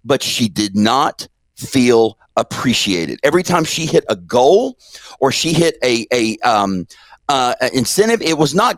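A middle-aged man co-hosting a casual discussion podcast, talking in an animated, emphatic way. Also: mid-range voice, a little slow, no echo. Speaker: podcast co-host.

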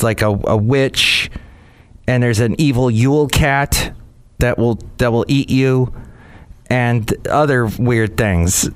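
Slow, smooth-voiced rambling podcast host man. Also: mid-range voice. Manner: rambling, repeats words. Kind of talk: casual comedy podcast monologue.

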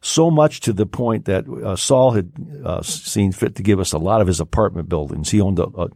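An older man tells a story in his own rambling way, with plenty of ums and restarts. His voice sits very low and sounds warm and relaxed. The recording is dry and close, with no room sound. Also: a little fast, vocal fry, no room sound. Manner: rambling, many fillers and restarts. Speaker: podcast guest. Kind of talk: casual storytelling.

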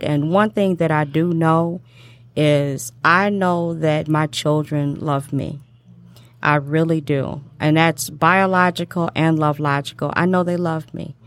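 A low-pitched middle-aged woman hosts a talk show in an unhurried, heartfelt way. She repeats her phrases and fills the gaps with "you know" and "um". The sound is dry and close. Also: no room sound. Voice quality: emotional, tongue-tied at times. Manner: warm repetitive speech with many fillers. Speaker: show host.

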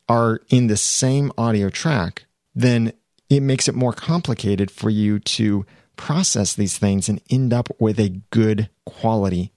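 A man with a fairly low voice walks through podcast production advice point by point, clear and practical. He sounds like he's in his own studio, and the recording is dry and close. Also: darkish tone, no echo. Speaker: podcast host giving production tips. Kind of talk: instructional talk to camera.

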